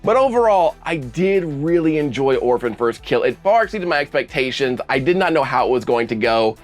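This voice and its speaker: A young man giving a casual, animated horror movie review with sarcastic asides. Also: medium pitch, fairly quick. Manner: animated, sarcastic asides with mocking put-on quotes. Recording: faint background music.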